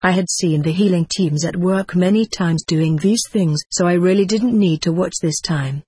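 A narrator telling a first-person story in a measured, steady audiobook reading. The voice is husky and mid-pitched. The recording is dry and close. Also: no room sound.

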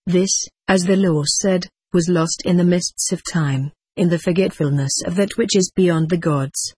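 A text-to-speech voice reading a first-person story as an audiobook narrator, measured and even, sometimes reading formatting marks aloud. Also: medium pitch, husky, dry recording.

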